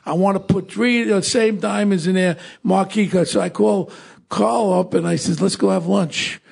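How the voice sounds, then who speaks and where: An older man co-hosting a podcast, telling stories in an excitable, rapid way with lots of repeats. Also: high voice, vocal fry, breathy edge. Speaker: podcast co-host. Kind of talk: casual storytelling chat.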